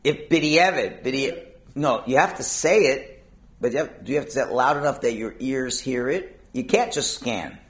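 A man's voice: mid-range voice, moderate pace. A man explaining a Talmud passage, asking and answering his own questions and mixing in Hebrew and Aramaic terms. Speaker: Talmud teacher.

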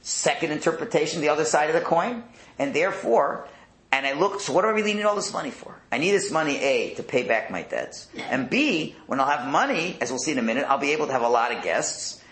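Guy giving a torah class, lively voice bouncing up and down, kinda high, echoey room. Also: fast talker. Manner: animated, asks rhetorical questions, acts out quotes. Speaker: Torah teacher. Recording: roomy echo.

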